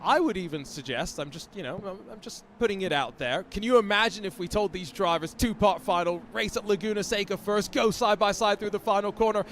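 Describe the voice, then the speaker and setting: High-voiced excitable race caller. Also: male voice, a little hiss or hum. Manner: fast, excitable calls with playful banter. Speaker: play-by-play commentator. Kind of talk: esports race commentary.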